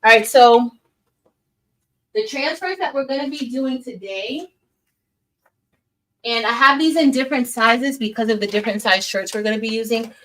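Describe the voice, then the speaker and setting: A woman's voice: medium pitch, low-quality recording. A young woman hosting a casual craft livestream, chatting loosely, trailing off and restarting sentences as she greets viewers by name.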